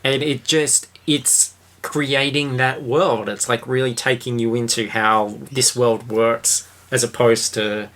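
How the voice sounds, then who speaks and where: A man's voice: mid-range voice, flat delivery, slow, hardly any pauses, fairly bright tone. A man hosting a podcast, chatting casually and jokily about a book and its film, with a lot of fillers. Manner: rambling, jokey, lots of fillers. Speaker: podcast host.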